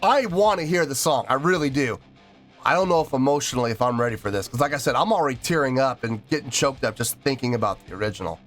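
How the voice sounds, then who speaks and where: Hosting a music reaction video, a man talks fast in an expressive, mid-range voice with a fairly bright tone. The casual commentary is earnest and rambling, he keeps repeating himself, and he's choked up to the point of tears.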